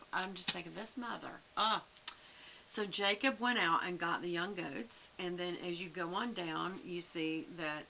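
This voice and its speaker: Gravelly-voiced woman teaching Bible study. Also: on the low side, sharp tone, poor audio. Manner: conversational, muses aloud, many fillers. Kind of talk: casual Bible study talk. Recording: faint hiss.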